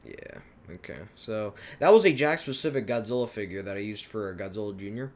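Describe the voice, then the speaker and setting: A man's voice: lowish voice, fairly quick. A man giving a rambling, self-deprecating director's commentary on his own fan series, often unsure of himself.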